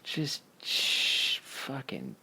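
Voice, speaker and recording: A man telling a casual, profane story, laughing as he goes in an animated way. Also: extremely slow.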